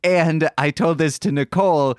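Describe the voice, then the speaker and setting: A man's voice: on the high side, normal speed, smooth, no room sound, clean studio sound. A young man co-hosting a podcast in casual chat, telling rambling, self-correcting anecdotes. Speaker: podcast co-host.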